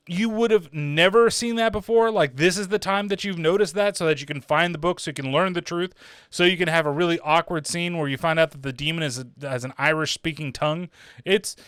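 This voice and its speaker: Casual male film reviewer, rambling and foul-mouthed, a slightly high voice, smooth and crisp, dry close sound. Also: fairly bright tone, no room sound. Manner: rambling, profane, full of fillers like "like" and "uh". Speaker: horror movie reviewer, channel host.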